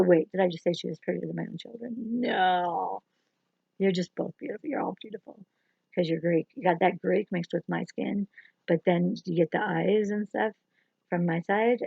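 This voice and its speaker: Woman, makeup tutorial host, chatty rambling livestream, gravelly voice, dull lo-fi sound. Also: on the low side, dry recording. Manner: rambling, joking, self-teasing. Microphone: camera or phone livestream.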